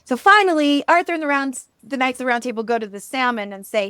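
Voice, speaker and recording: A woman's voice: high voice, animated, fast talker, hardly any pauses, sharp tone, smooth, no room sound, studio quality. A woman hosting a podcast, casually retelling a myth in a chatty way, with fillers and laughs. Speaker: podcast host. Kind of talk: casual storytelling chat.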